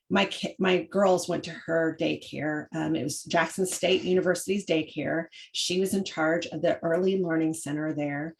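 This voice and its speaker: A middle-aged woman talks about parenting and faith in a loose, chatty way, often stopping to restart her sentences. Her voice sits a little low for a woman. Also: vocal fry. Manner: chatty, with frequent fillers and restarts. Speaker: podcast host. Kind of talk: casual faith-based parenting talk.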